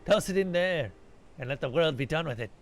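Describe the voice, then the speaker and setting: A man's voice: fairly high pitch, animated, brisk, soft background music. A man voicing a grim, boastful old male pirate ghost, reading game dialogue aloud in salty pirate talk.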